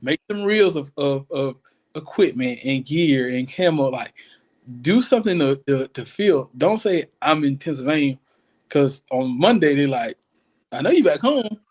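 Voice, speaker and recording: A man's voice: on the high side, unhurried, darkish tone. A man, telling hunting stories as a podcast co-host in casual chat and acting out quoted voices. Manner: storytelling, acts out quoted voices.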